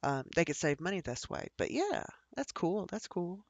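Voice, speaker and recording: A woman's voice: fairly low pitch, sing-song, moderate pace, highs cut off. A woman chatting casually as a player at a tabletop game, hesitant with many fillers.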